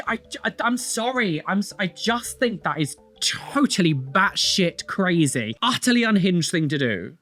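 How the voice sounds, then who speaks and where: A man in his thirties with a fairly high voice reacts to online videos in a casual, exasperated way. He stumbles, restarts and repeats words for emphasis. Faint music plays behind him. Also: a bit bright. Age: 30s.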